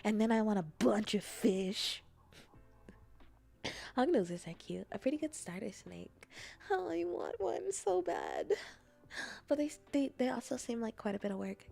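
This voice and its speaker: A woman streamer in a casual, rambling chat, playful and often dropping into soft whispers. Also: mid-range voice, gravelly.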